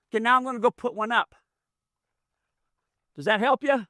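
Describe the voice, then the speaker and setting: A man's voice: very high voice, expressive, normal speed, long pauses, sharp tone, dry recording, studio quality. A man running a hands-on mule training demonstration outdoors, explaining in a folksy, plainspoken way as he works. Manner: folksy, explains as he works, drawling rural grammar.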